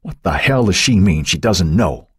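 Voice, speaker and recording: A brusque police chief, as a narrator voices him barks clipped orders and sharp questions. His voice is husky and dry, the delivery firm and impatient. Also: low voice, sing-song, a little fast, dry recording, voice pushed up, heavily acted. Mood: commanding.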